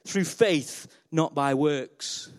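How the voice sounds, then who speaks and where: A tender, fatherly God speaks , voiced by a man in a sermon. The voice sits high for a man and is reassuring and declarative. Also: moderate pace, gravelly, a bit bright. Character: God, a loving fatherly male voice.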